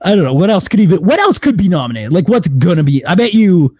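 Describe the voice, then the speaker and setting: A man's voice: high voice, sing-song, quick pace, darkish tone, husky, no room sound. Brief: male podcast co-host, casual swearing banter, dry close mic. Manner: profane, jokey, laughs often. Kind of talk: casual movie review chat.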